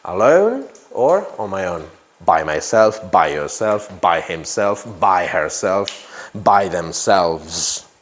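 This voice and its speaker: A male teacher in a classroom talks slowly, spacing out his words. His pitch rises and falls a lot as he repeats example sentences and quizzes his students. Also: big pitch swings. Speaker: English teacher. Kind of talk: classroom grammar explanation.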